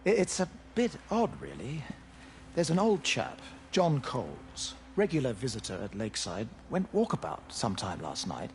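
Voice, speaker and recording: An actor playing a polite, hesitant older village doctor who stammers a little, in a story game. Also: male voice, medium pitch, wildly swooping pitch, normal speed, slight background noise. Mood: concerned.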